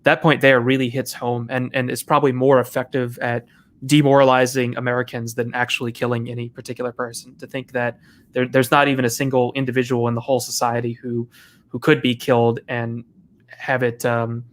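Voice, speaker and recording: A man of middle pitch speaks in a flat, even tone with little rise and fall. He talks steadily through his points in a casual panel discussion. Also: a little fast. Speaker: panel guest.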